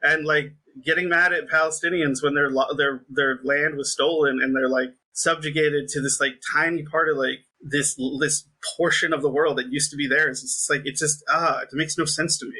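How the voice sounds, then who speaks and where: A man's voice: on the high side, steady tone, moderate pace, few pauses, pushed and bright, husky. A young man in casual conversation, rambling with constant fillers and sounding frustrated. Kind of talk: casual political chat.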